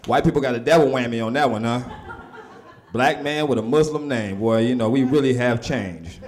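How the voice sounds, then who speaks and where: A man's voice: medium pitch, moderate pace, a little mellow. Stand-up comic, middle-aged man, easygoing and conversational. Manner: loose conversational delivery with frequent asides. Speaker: stand-up comedian. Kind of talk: stand-up routine.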